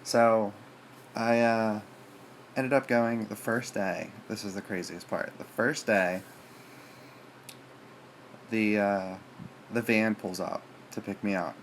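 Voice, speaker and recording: A man's voice: on the low side, steady tone, takes it slowly, long pauses, slight background noise. A man telling a personal story to his viewers in a rambling, hesitant way, full of fillers and restarts. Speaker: vlogger.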